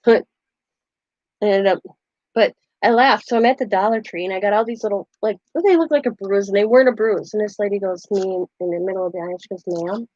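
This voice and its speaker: A woman's voice: medium pitch, fairly quick, dry recording, lo-fi sound. Rambling, laughing woman craft host. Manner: rambling storyteller who laughs often. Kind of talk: casual livestream chat.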